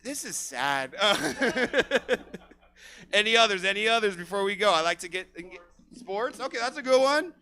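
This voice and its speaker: High bright-voiced host working the crowd. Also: male voice, lively intonation, moderate pace. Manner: loose, chatty, laughing with the crowd. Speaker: show host. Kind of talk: live crowd work.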